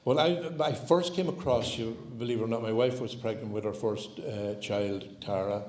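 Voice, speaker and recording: A man's voice: lowish voice, moderate pace, a little mellow. An Irish man as MC, chatting and asking questions in an onstage interview at a community hall. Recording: roomy hall livestream, faint noise.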